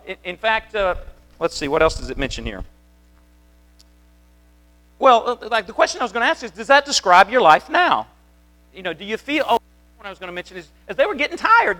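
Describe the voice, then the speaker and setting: A man's voice: sits high, sharp tone. A man preaching a conversational sermon as a pastor, telling the story in a chatty way with many restarts. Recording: long reverb of a hall.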